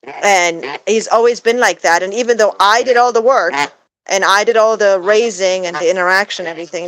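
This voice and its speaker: Woman vlogger, casual rambling talk with fillers, average pitch, outdoors. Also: fairly quick, a bit bright, low-quality recording. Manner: rambling, filler-heavy, coos at her pet in a high baby voice. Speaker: pet goose owner vlogger. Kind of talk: casual chat to camera. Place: backyard outdoors.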